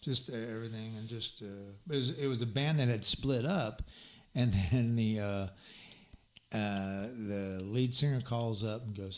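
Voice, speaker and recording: A man's voice: mid-range voice, normal speed. A man co-hosting a podcast, telling a rambling story with frequent laughs and acted-out quoted voices. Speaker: podcast co-host. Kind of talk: casual storytelling.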